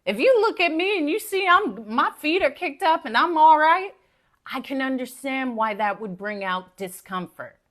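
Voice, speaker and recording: Animated high-voiced woman, live-stream pep talk. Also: normal speed. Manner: animated, preachy and playful, talks to viewers directly. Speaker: motivational speaker and live-stream host.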